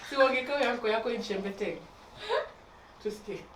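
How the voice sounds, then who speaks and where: Playful Kenyan woman, high voice. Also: fairly quick, heavy background noise. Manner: playful, teasing banter. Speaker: guest musician. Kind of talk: casual banter. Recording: roomy, distant mic with loud live music.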